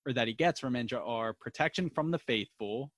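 Man, podcast co-host, enthusiastic recap, dry close sound, mid pitch. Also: fairly quick, a bit bright, no room sound. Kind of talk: casual discussion of a TV episode.

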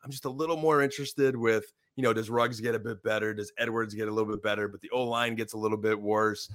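Deeper-voiced podcast co-host rambling casually, you know-style. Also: male voice, steady tone, fast talker, fairly bright tone, dry recording, clean studio sound. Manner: loose, chatty, lots of "you know".

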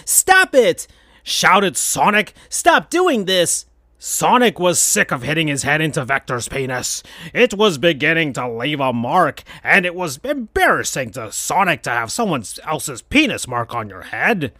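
A man hosting a podcast, reading absurd fan fiction aloud in a slow deadpan. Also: on the high side, no echo, studio quality. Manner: slow, deadpan, breaks into laughter. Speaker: podcast host.

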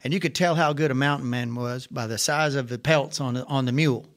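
A man tells a story as a podcast guest, chatty and animated, breaking into laughter often. His voice sits at an ordinary middle pitch. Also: fairly quick. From Arkansas. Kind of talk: casual storytelling.

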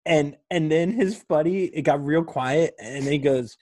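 A man's voice: a little high, a little slow, darkish tone. A man who is a comedian hosting a podcast, telling a rambling story in casual chat and swearing often.

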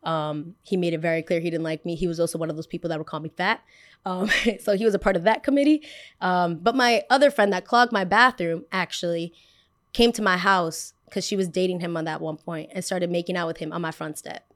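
A woman's voice: lowish voice, fairly quick. Sassy young woman telling a story. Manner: animated and sassy, acting out her own past lines. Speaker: podcast host. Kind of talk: storytelling in casual chat.

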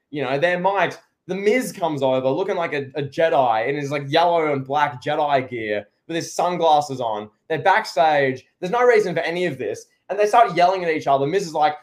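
A man with a fairly high voice talks casually through a wrestling show as a podcast co-host. He rambles and restarts his sentences, then turns sarcastic. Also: fairly quick. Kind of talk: casual wrestling review chat.

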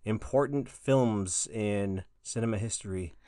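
A man co-hosting a podcast, raspy from a recent illness, chatting casually and laughing often. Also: lowish voice, measured pace, mellow, no echo. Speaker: podcast co-host.

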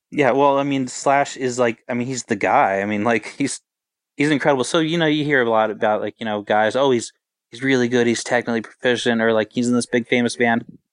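A man in his forties, a touring band guitarist, telling stories in a relaxed, rambling interview with lots of filler words. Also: mid-range voice, a little fast, dry recording. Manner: rambling, laid-back, full of filler words. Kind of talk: casual interview storytelling.

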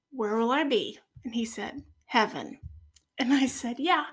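A woman in her forties tells her story of faith as a podcast guest. Her voice sits a little high and soft, and it sometimes falls almost to a whisper. She speaks earnestly and with feeling. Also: animated, unhurried, breathy edge. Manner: earnest, tearful at moments. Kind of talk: personal faith testimony.

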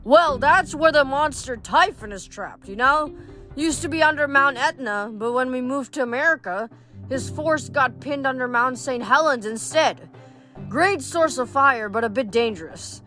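A woman voicing a gruff, wry male blacksmith god who speaks slowly and deliberately. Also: high-pitched, expressive, sharp tone, soft background music. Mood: musing.

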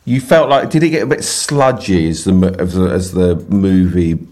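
A man co-hosting a casual film podcast, teasing and throwing quick questions. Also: low voice, darkish tone. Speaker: podcast co-host. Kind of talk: casual chat.

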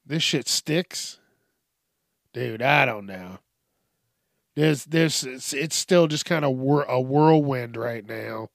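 Speaking slowly at medium pitch, with vocal fry and long pauses, a tired man hosts a late-night solo podcast in clean, echo-free studio sound. His talk is rambling and profane, and he keeps interrupting himself, trailing off and starting again.

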